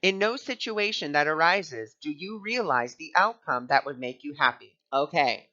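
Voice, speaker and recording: Male spiritual host, chatty and bright-toned, muffled lo-fi recording. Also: on the high side, lively intonation, normal speed. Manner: chatty, with frequent fillers. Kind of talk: casual spiritual talk with personal story. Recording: dull lo-fi recording.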